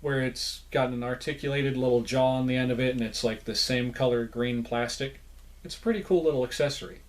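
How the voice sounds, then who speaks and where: Young adult man, mid-pitched, laid-back and rambling with lots of fillers; casual toy-collection host. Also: fairly quick. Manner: relaxed and rambling, with frequent "like" and self-deprecating asides. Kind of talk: casual toy showcase narration.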